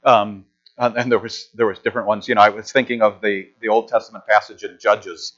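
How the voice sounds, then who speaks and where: A man's voice: fairly low pitch, level tone, brisk, a bit bright. Man preaching a casual sermon, dull recording. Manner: conversational, anecdotal preaching with frequent restarts. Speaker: pastor. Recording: slightly dull lo-fi sound.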